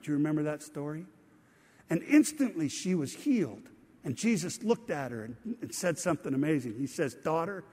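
A man's voice: fairly high pitch, husky, in a large hall. A man preaching a sermon in a church, talking conversationally and putting questions to the congregation. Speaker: pastor. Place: church sanctuary.

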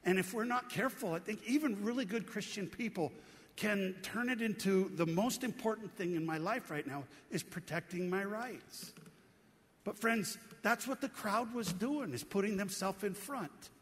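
A man's voice: sits high, normal speed, a bit bright. A middle-aged male pastor giving an earnest, conversational sermon in a church, asking the congregation rhetorical questions. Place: church sanctuary. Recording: long reverb from a hall.

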